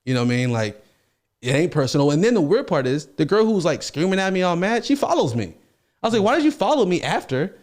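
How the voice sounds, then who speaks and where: A podcast host with a slightly high voice talks fast while casually telling stories. He's animated and acts out the quotes within them.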